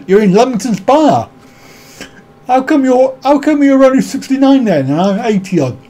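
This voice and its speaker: High, mellow-voiced man chatting live. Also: animated, moderate pace. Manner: rambling and jokey, greeting viewers by name. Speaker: live stream host. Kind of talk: casual live-stream chat reading viewer comments.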